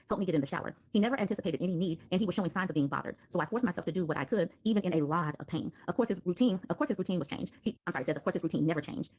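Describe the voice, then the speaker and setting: A woman in her thirties reading a personal account aloud in a rapid, list-like recounting. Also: low-pitched, a little mellow, husky. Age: 30s.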